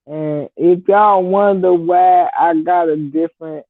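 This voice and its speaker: A woman's voice: lowish voice, steady tone, slow, no echo. A woman in her thirties from Detroit with a Detroit accent touched by the Southern US, telling a story in a blunt, laid-back casual way. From Detroit, Michigan. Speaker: vlogger. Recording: dry, tinny phone-like audio.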